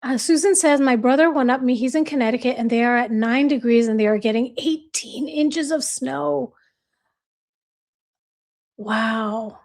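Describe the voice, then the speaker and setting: A woman with a bright, high voice chats casually on her own livestream. She reads out viewer comments and greets each viewer by name. She is bubbly and laughs easily. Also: fairly even intonation, measured pace. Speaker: livestream host.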